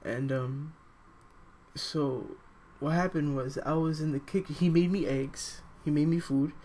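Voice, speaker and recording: Young man, slightly high voice, halting personal storytelling, lots of fillers. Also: steady tone, a little mellow, a little hiss or hum. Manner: halting, hesitant recounting with many fillers; acts out quoted voices with sudden high pitch.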